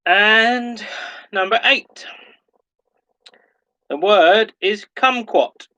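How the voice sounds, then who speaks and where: A man hosting an online pub quiz, reading each question slowly and repeating it, and laughing at himself when he stumbles over a word. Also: sits high, pushed and bright, highs cut off. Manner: self-mocking when tongue-tied. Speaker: quiz host.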